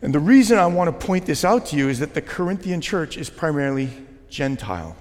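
A man preaching a sermon as pastor, talking in a conversational way with gentle jokes. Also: on the high side, very animated, brisk. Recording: long hall reverb.

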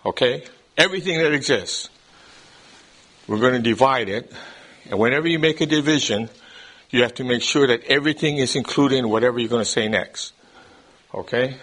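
A man leads a Bible class in a lecture style, walking through each point step by step and pausing to check that his listeners follow. His voice sits at an ordinary middle pitch, and he often restarts phrases, repeating a word before going on. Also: a bit bright. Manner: repeats words when starting a thought. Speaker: Bible study teacher.

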